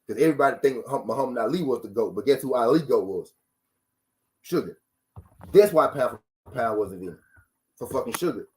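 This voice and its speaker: A man's voice: mid-range voice, expressive, a little fast, long pauses, darkish tone. A man hosting a boxing talk stream, ranting casually to his viewers with profanity, rhetorical questions and lines repeated for emphasis.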